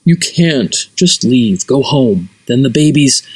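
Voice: mid-range voice, animated, slow pace, husky, no echo, low-quality recording. Narrator doing an anxious, earnest bear-cursed man. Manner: earnest, pleading.

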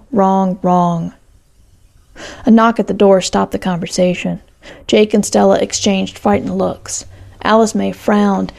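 A woman reading a story aloud as narrator, in a steady, measured way. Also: mid-range voice, creaky.

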